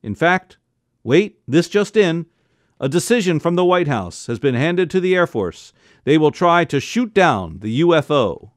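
A man, a cantor, reading a bedtime story aloud with lively, expressive delivery, jumping into high excited voices for the characters' lines. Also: measured pace, no echo, studio quality. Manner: jumps into high excited voices for family members' quotes.

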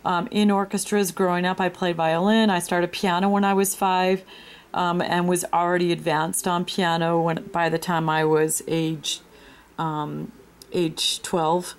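A woman talks through a screen-recorded tutorial in a fairly low voice. She explains each step in an unhurried way, pausing often on ums as she goes. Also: level tone, clean tone. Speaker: music software instructor.

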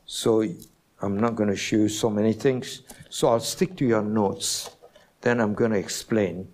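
A male senior pastor delivers a sermon to his congregation, speaking at an unhurried, measured pace. His voice sits somewhat low. He teaches step by step and keeps putting questions to the listeners. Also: steady tone, a little mellow. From Singapore. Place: church.

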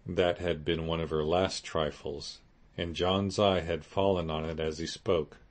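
Deep-voiced male audiobook narrator. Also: little pitch movement, a little slow. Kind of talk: scripted narration.

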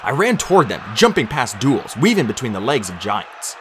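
A man narrating an audiobook in an animated, dramatic reading style. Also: mid-range voice, normal speed, a little hiss or hum. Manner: animated, acts out shouted lines.

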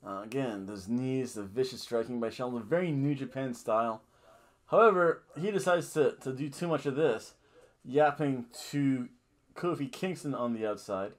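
A man's voice: mid-range voice, normal speed. A man hosting a wrestling podcast, recapping a show in a rambling, self-correcting way with jokey asides.

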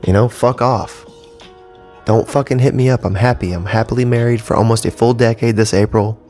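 With soft music in the background, a man in his thirties talks bluntly into a podcast mic in his home studio full of cables, swearing a lot and drifting into asides. His medium-pitched voice is steady, brisk and mellow.

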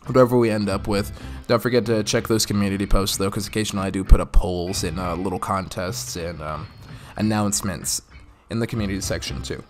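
A man's voice: fairly low pitch, fairly even intonation, a little fast, faint music behind. A man hosting a slots channel, chatting casually and rambling over his mobile slot play, with many fillers. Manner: rambling and friendly, many "uh"s and "go ahead"s.

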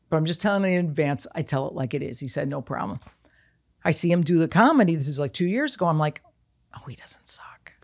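A woman in her sixties with a low voice chats as a podcast guest. She talks bluntly and swears freely, acting out her stories with lots of energy. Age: 60s. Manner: blunt, profane, animated storytelling. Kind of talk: casual chat.

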